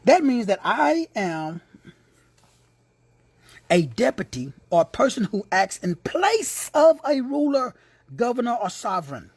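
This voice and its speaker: A man's voice: very high-pitched, sing-song, a little slow, breathy edge, no echo. A man teaching a sermon-style Bible lesson, emphatic and repetitive, with slangy asides to his listeners. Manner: emphatic, repeats key words, slangy asides.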